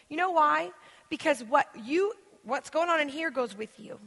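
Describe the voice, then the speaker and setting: Bright, high-voiced woman preaching. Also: lively intonation, moderate pace, gravelly. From United States. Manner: chatty, rambling storytelling with many fillers. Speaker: guest minister. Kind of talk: interactive sermon teaching. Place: church hall. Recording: long church hall reverb.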